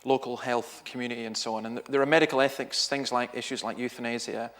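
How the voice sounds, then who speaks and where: Middle-aged man, minister, lively storytelling, church talk. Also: mid-range voice, fast talker. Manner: lively storyteller, acts out quoted voices. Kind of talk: sermon talk with anecdotes.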